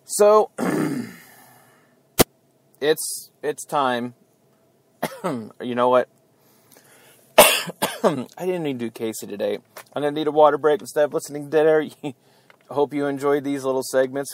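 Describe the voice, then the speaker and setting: A man hosting a casual talk show, chatty, laughing at himself and hyping up his listeners. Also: medium pitch. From Ohio. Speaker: podcast host.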